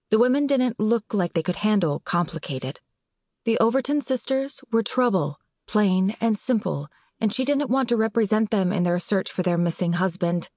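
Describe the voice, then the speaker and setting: A woman narrator reading an audiobook in a measured, clear way. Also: on the low side, a little mellow, dry recording, clean studio sound. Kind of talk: scripted narration.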